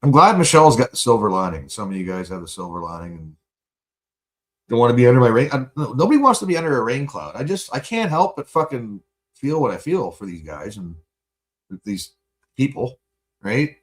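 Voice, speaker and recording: A man venting in a profane, angry livestream rant, buzzed and high. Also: sing-song, fairly quick.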